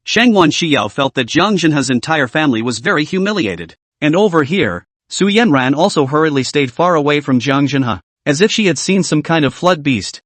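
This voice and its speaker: Lively male story narrator. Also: on the high side, normal speed, few pauses, no echo. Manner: dramatic storytelling. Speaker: recap narrator.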